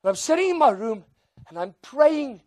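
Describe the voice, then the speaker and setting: A man with a South African accent, a native Afrikaans speaker, preaching a sermon as an animated storyteller who acts out voices and drops in Afrikaans phrases. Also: very high voice, normal speed, dry recording.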